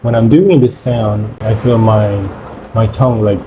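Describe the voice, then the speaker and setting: A man whose first language is Spanish, teaching pronunciation in English by repeating syllables in slow drills. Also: on the low side, dull audio, slight background noise. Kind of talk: pronunciation lesson.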